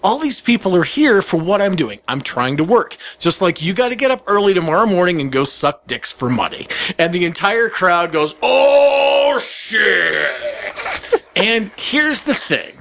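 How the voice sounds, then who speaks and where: Animated, profane man telling a story. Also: high-pitched, normal speed, few pauses. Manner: animated, profane, acts out quotes with laughs. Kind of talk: casual storytelling chat.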